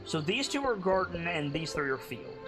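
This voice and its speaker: A woman's voice: lowish voice, sing-song, moderate pace. A woman streamer reading out in-game prices and reacting dryly while playing, with game music behind. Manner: reads prices aloud, dry reactions. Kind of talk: gameplay commentary.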